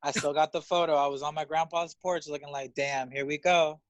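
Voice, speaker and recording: A man in his thirties from Los Angeles, a guest telling candid, profane stories in an interview, animated and laughing often. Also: brisk, no echo, dull audio. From Los Angeles, USA. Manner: animated, profane, laughs often, jumps up in pitch when excited. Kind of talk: candid storytelling in conversation.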